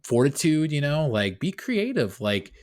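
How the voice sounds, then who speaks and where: A man co-hosting a podcast in casual chat, animated and rambling, often poking fun at himself. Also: on the high side, unhurried. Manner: animated, rambling, self-deprecating. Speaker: podcast co-host.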